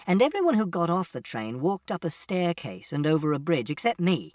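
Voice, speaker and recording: Man narrating with a lively, varied pitch. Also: brisk, dry recording. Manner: plain, literal, step-by-step telling. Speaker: audiobook narrator. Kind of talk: first-person audiobook narration. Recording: distant mic, dry sound.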